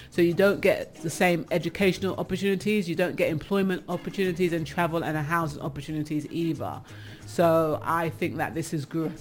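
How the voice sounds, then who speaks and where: A woman with an English accent hosting a radio show, reading out items and chatting about them, often laughing. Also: on the low side. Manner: chatty, laughs often, comments on what she reads. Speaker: radio host. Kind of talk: casual radio chat, reading out news items.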